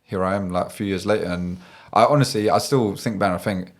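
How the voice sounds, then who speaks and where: A man's voice: sits low, fast talker. A man in his thirties, a gas engineer guest, chatting casually on a podcast and telling his story with plenty of fillers.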